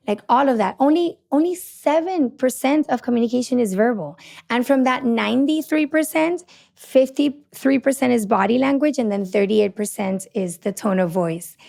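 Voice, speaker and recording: A middle-aged woman, a couples therapist hosting a podcast, talking passionately and loudly with many restarts. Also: on the high side. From Puerto Rico. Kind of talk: casual podcast teaching.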